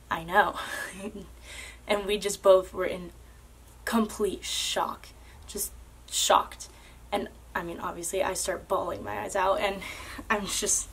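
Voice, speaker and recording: A woman's voice: mid-range voice, husky. A young woman earnestly telling a personal story to camera, casual and full of "like" and "um". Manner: earnest, with many fillers like "like" and "um".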